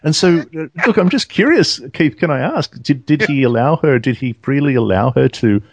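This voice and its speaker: A man's voice: fairly high pitch, animated, moderate pace, vocal fry, no echo. A man hosting a podcast conversation who interjects often and asks curious questions. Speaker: host.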